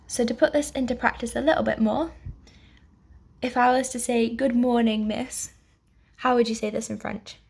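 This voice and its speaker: A young woman leads an online language lesson in a patient, steady way. She speaks in a slightly higher voice and pauses often so listeners can repeat after her. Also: gravelly, slightly rough. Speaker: French teacher.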